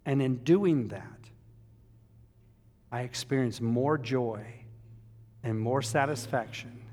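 An older man preaching a sermon, storytelling and emphatic, rising loud then dropping soft, in a church. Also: medium pitch, slow. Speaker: pastor. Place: church sanctuary. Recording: long hall reverb.

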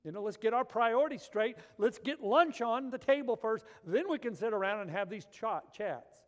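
A man's voice: high voice, animated, normal speed, in a large hall, pitched above the performer's own voice. A man voicing an impatient, exasperated busy woman who scolds and pleads, raised and urgent.

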